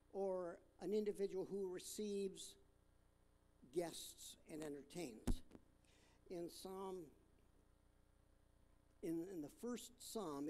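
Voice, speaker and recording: A man preaching a sermon, reading scripture aloud and talking it through in a halting way with fillers and restarts. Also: high voice, darkish tone. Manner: reads scripture aloud, stressing different words.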